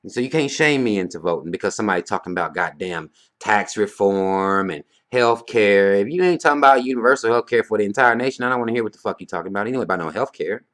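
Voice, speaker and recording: Blunt, profane man ranting, low voice. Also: animated, quick pace, hardly any pauses, fairly bright tone. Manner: blunt, profane, heated, rhetorical questions. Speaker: vlogger. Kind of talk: casual rant to camera.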